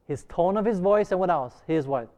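Questioning male Bible teacher, fairly high voice. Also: animated, moderate pace, mellow. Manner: asks the class questions, frequent restarts. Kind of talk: interactive preaching class.

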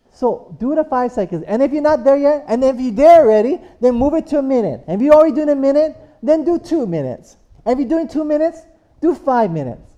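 Delivering a sermon in a high, warm voice, this preacher is recorded with the highs cut off. Points get repeated rhetorically, and the congregation is repeatedly asked for amens.

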